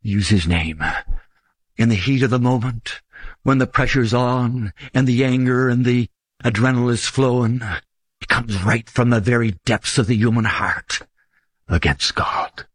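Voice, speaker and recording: A man preaching a sermon in an emphatic style, lifting his voice for stress and slowing down on key phrases. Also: fairly even intonation, dry recording, clean studio sound. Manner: emphatic, swings pitch widely for stress, slows on key phrases.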